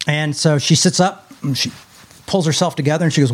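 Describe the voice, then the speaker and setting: A young adult man telling a personal story in a casual podcast chat, with his voice jumping up high when he quotes others. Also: a little fast. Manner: animated, rises high when quoting others. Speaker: podcast co-host.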